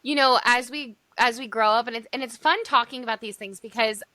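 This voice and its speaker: A chatty woman hosting a podcast, talking in a casual, upbeat way with plenty of "like"s. Her voice is fairly high and bright, and it sits close in a dry, dead space. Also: brisk, no room sound. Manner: chatty, upbeat, filler-heavy. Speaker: podcast host. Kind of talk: casual chat.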